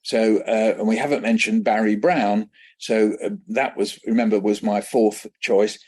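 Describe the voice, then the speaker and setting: Older English man telling lively stories. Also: on the low side, normal speed, slightly rough. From England. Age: 70s. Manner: lively anecdotal storyteller who acts out voices. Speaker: guest, children's author and poet. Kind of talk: conversational storytelling interview.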